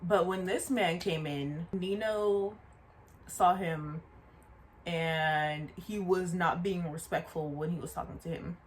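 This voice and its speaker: Casting note: lower-voiced woman, chatty storytime vlogger, animated delivery, faint hum behind. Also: takes it slowly. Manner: animated, chatty, repeats asides to the viewer. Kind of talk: casual storytime.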